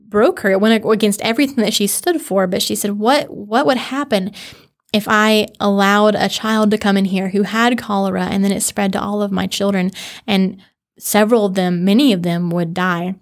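A woman tells a true story as a podcast host, sounding earnest and conversational. Her voice sits at an ordinary middle pitch for a woman. Now and then she stumbles briefly and restarts, and she adds casual asides to the listener. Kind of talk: storytelling narration of a true history.

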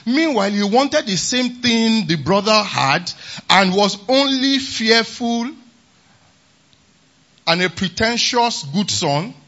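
A man's voice: sits high, lively intonation, takes it slowly, pushed and bright, lo-fi sound. A man preaching a sermon at a conference, emphatic and often repeating a refrain of praise. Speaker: pastor. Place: large conference hall.

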